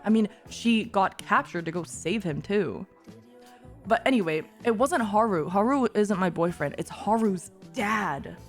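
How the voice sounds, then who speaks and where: A woman streamer chats casually in a mid-pitched voice, gushing and giggling as she reacts to a show. She is excitable and swears freely. Soft music plays faintly underneath. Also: measured pace.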